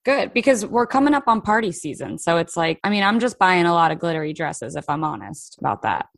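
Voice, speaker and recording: A woman's voice: fairly low pitch, lively intonation, brisk, gravelly, dry recording, clean studio sound. A woman co-hosting a casual chat podcast, talking in a candid, easygoing way and laughing often. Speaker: podcast co-host.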